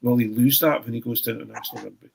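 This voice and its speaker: A man's voice: medium pitch, fairly even intonation, rapid-fire, gravelly, breathy edge, rough recording. A man hosting a podcast in casual chat, rambling and sweary, often repeating words as he thinks. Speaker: podcast host.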